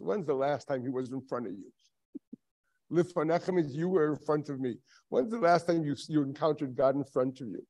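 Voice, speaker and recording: A man's voice: medium pitch, dark tone. A man in his seventies, a rabbi giving a sermon, telling stories with frequent chuckles and rhetorical questions. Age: 70s. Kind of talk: Tisha B'Av sermon.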